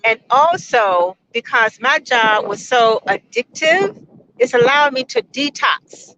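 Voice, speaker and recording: A woman in her sixties gives an emphatic, enthusiastic testimonial on a beach. Her voice is high and bright, and it swings widely in pitch. The recording is dull and lo-fi, with faint outdoor noise. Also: lively intonation, takes it slowly. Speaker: guest. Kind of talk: casual testimonial.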